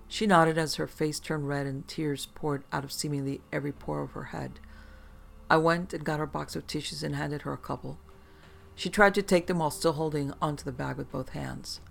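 A narrator telling a first-person horror story in a dry, measured way with slow dramatic pauses, over a faint music bed. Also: mid-range voice, gravelly, slight background noise.

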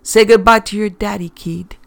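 A man's voice: high-pitched, steady tone, moderate pace, gravelly, fairly bright tone, dry recording, pitched above the performer's own voice. A man voicing a menacing, profane male drug dealer in an audiobook story. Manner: profane, threatening.

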